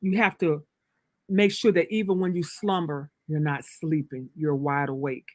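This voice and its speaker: A woman's voice: low voice, steady tone, normal speed, no echo. A woman author being interviewed, telling her story in an emphatic, preacherly way with big swings of energy. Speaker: author, guest. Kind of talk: casual livestream interview.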